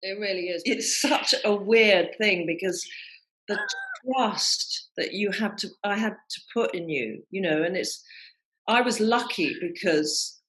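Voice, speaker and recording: A woman hosts a casual podcast chat, candid and quick to laugh. Her pitch swings widely up and down as she talks. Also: animated, fairly bright tone, rough recording. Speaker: podcast host.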